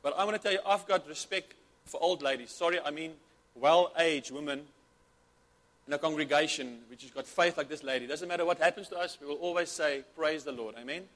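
A high-pitched male pastor preaching a sermon with fervent energy. He stumbles and repeats himself as he goes, in an earnest, heartfelt delivery. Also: fast, a bit bright. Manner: fervent, repetitive, many restarts.

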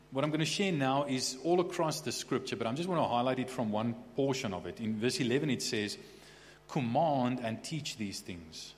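Conversational preacher man in an echoey hall. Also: mid-range voice. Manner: conversational, repeats and restarts words, checks in with "okay?". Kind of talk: sermon. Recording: echoey hall with faint hum.

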